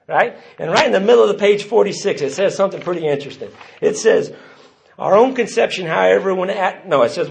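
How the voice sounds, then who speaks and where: Man, husky and fairly high voice, storytelling testimony on a dull lo-fi recording. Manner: storytelling, voices the people he quotes. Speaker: recovery meeting speaker. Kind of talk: personal testimony talk.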